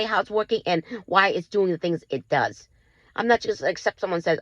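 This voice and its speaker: A woman's voice: lowish voice, sing-song, a little fast, fairly bright tone, no room sound. Emphatic woman host, dull lo-fi audio. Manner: emphatic, asks rhetorical questions. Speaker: channel host. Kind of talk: casual health talk to camera.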